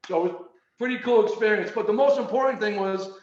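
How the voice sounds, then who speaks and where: A man casually telling a personal story on a video call, animated and repeating words as he goes. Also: high-pitched, fast talker. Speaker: meeting participant. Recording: roomy, muffled video call audio.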